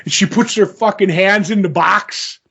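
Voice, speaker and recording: A man co-hosting a podcast in casual chat, telling an animated story with swearing and acted-out quotes. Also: high voice, normal speed, gravelly, husky, muffled recording. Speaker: podcast co-host.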